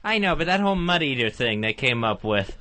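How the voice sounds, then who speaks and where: A man's voice: mid-range voice, very animated, brisk, bright, forceful tone. A man co-hosting a radio show, complaining with indignant, whiny exasperation. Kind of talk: casual radio banter. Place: radio studio.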